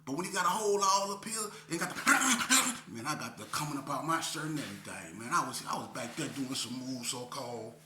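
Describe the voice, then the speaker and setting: A man's voice: brisk, hardly any pauses. A man in a casual interview, telling a story in streetwise slang and checking in with listeners as he goes. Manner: animated, climbs high when retelling. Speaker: interview guest. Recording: echoey room with faint hum.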